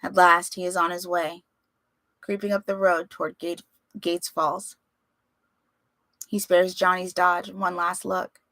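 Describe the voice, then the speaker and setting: A woman reading a story aloud with expressive, dramatic narration. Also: on the low side, a little slow, long pauses, no room sound. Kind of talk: audiobook-style story reading.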